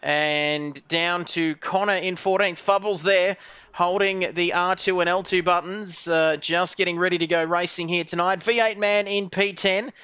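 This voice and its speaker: Jokey high-voiced race commentator. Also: male voice, steady tone, a little slow, bright, forceful tone, clean tone, no echo. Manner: jokey, rambling, self-mocking. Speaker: lead commentator. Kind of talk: sim racing commentary.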